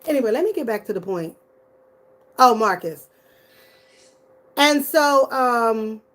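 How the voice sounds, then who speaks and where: A woman's voice: on the high side, fairly bright tone. A middle-aged woman giving casual, blunt and profane commentary as a YouTuber.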